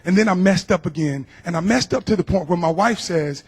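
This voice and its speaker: A man's voice: high-pitched, fairly quick, husky. A middle-aged man from Georgia tells a personal testimony to a church congregation. He speaks earnestly and emotionally and often repeats his words. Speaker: guest speaker.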